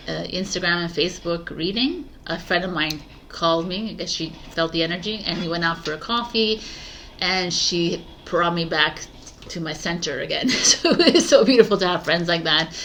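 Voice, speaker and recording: A tarot reader with a fairly low, creaky voice and fairly bright tone chats casually with her audience. She comes across as giggly and scattered, laughing at herself as she loses track of what she was saying.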